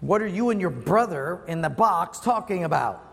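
A man's voice: lively intonation, moderate pace, creaky, long reverb tail. Man voicing an incredulous 1800s time traveler. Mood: puzzled. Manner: exclaiming in disbelief, higher and louder.

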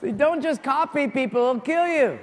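A man preaching a sermon as pastor, lively and storytelling. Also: very high-pitched, moderate pace, long reverb tail. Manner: animated storyteller, acts out voices in jokes. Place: church.

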